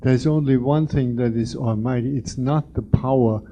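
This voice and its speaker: A man, a Christian monk, answering slowly and thoughtfully with hesitations. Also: medium pitch, warm tone. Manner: slow, measured, with hesitations. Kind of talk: reflective discussion. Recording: muffled lo-fi with faint noise.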